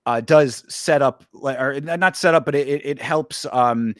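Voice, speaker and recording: A man co-hosting a film review in casual conversation. He recaps scenes at length, often pausing on fillers, in a mid-pitched voice. The recording is dry and close. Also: fairly bright tone, no echo.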